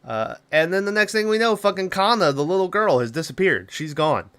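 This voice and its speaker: A man's voice: high-pitched, lively intonation, brisk, a bit bright, clear, resonant tone. A man hosting a podcast, recapping a film's plot in a loose, rambling way with lots of swearing. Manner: loose, profane, rambling storytelling with fillers. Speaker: podcast host. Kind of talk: casual movie review recap.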